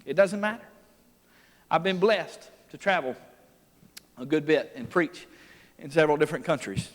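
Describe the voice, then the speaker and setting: A man preaching a revival sermon, telling folksy stories with frequent laughs and building to loud, forceful preaching. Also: fairly high pitch, lively intonation, moderate pace. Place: church sanctuary. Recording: long church hall reverb.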